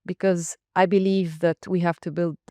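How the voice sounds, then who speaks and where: A woman's voice: lowish voice, level tone, moderate pace, a little mellow, no room sound, clean studio sound. A woman around sixty, a school leader answering interview questions in an emphatic, direct way with short punchy phrases. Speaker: school academic leader, guest.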